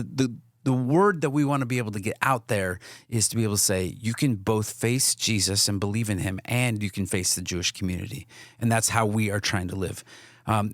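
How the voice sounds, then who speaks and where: A man's voice: on the low side, dry recording, clean studio sound. A man co-hosting a podcast in a casual, earnest way, often restarting his sentences. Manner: earnest, many restarts and fillers. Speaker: podcast co-host.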